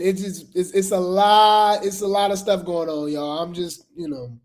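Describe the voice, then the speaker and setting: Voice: medium pitch, fairly even intonation, normal speed, hardly any pauses, darkish tone. Casual gossip host, mid-range voice, talks straight to camera with lots of asides. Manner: chatty, repeats phrases, gossipy asides to viewers. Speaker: commentary host. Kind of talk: casual drama commentary.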